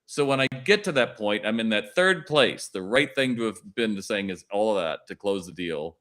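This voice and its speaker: Lively low-voiced storytelling man. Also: moderate pace. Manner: animated storyteller acting out dialogue. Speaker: retail consultant and keynote speaker. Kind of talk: podcast guest chat.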